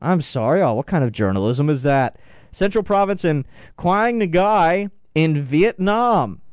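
A man's voice: fairly high pitch, darkish tone, no room sound, clean studio sound. A man hosting a radio talk show, reading odd news stories aloud with joking asides.

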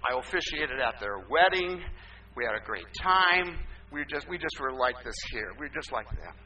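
An older man preaches a sermon as pastor, posing rhetorical questions and swinging from loud emphasis to quiet asides. His medium-pitched voice is animated at a normal speed, with the highs cut off. The mic is distant and carries a faint hum.

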